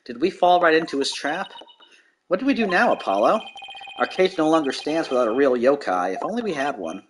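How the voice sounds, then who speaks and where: A man's voice: a little high, sing-song, brisk, slight background noise. A man voicing an earnest young female defense attorney from a courtroom game, speaking in an urgent, pleading way.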